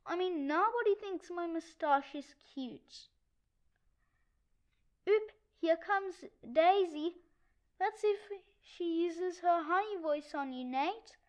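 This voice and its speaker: A woman's voice: extremely high pitch, takes it slowly, darkish tone. A young adult woman reading a children's comic book aloud, switching between the voices of many kid characters. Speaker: read-aloud narrator.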